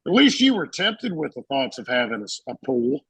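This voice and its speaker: A man with a gravelly, husky voice and a bright, tense edge trades incredulous, profane banter with old comrades. The sound is dry and close. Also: on the high side, very animated, fairly quick, no room sound, low-quality recording. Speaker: veteran, panel member. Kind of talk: casual banter.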